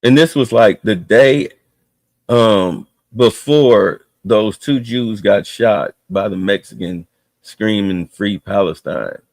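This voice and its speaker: A man's voice: lowish voice, takes it slowly, a little mellow, dry recording, studio quality. A man streaming heated, profane political commentary with a mocking edge.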